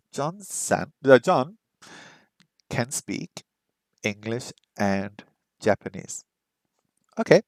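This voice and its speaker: A man's voice: fairly low pitch, lively intonation, creaky, no room sound. Man musing aloud in a dry room. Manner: thinking aloud, musing and unsure; slow, careful practice of foreign phrases. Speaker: vlogger learning a language. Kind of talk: casual vlog commentary.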